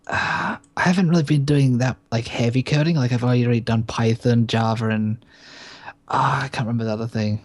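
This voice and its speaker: A joking podcast co-host in a casual group chat, stretching out teasing lines. The voice sits at a middle pitch. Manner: joking, drawn-out teasing delivery.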